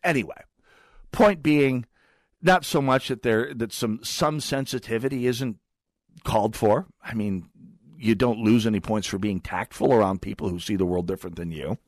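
A man's voice: on the low side, moderate pace, no echo. A man hosting a talk radio show, delivering a sardonic, digressive monologue with wry asides into a studio microphone.

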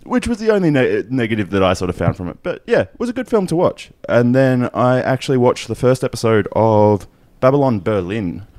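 A man's voice: medium pitch, sing-song, fairly quick, a little mellow, no room sound. A man casually chatting about films he watched, rambling with lots of fillers and restarts. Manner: rambling, hesitant, full of fillers. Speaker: podcast co-host. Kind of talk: casual chat.

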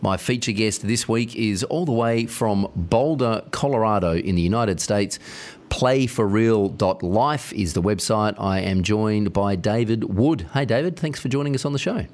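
A man's voice: fairly low pitch, normal speed, a little mellow. A man hosting a podcast, chatting easily with a guest and often restarting with fillers. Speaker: podcast host. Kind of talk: conversational podcast interview.

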